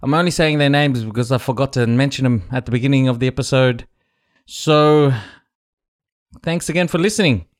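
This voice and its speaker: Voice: mid-range voice, fairly quick. A podcast host in casual chat who laughs often and tells stories animatedly. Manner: laughs a lot, giggly and animated.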